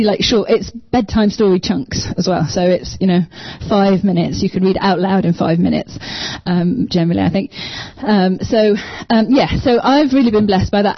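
With a medium-pitched voice, a woman in a church small group tells her personal faith story, hesitating with lots of ums but sounding enthusiastic. It's a casual testimony captured in a dry recording with a dull lo-fi quality.

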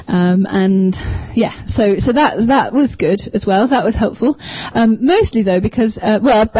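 A woman's voice: mid-range voice, breathy edge, no room sound. Hesitant woman, dull lo-fi recording. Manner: hesitant, full of ums, enthusiastic. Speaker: church small group member. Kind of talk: casual personal testimony. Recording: dull lo-fi sound, dry.

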